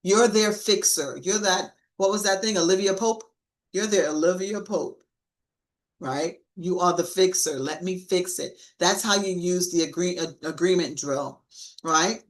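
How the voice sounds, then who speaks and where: Animated woman coaching sales. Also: on the low side, measured pace, poor audio. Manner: coaching, animated, acts out sample sales lines. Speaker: sales trainer. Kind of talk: live-streamed sales training talk.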